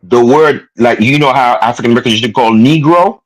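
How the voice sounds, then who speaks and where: A man from Haiti, arguing in a heated debate, cutting in and spelling out words with halting restarts. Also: mid-range voice, poor audio. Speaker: debate participant.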